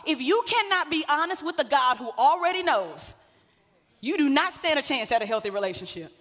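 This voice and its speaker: A woman's voice: high voice, big pitch swings, brisk, fairly bright tone. A woman pastor, preaching a sermon in a conversational way, with joking asides to the congregation. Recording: long hall reverb.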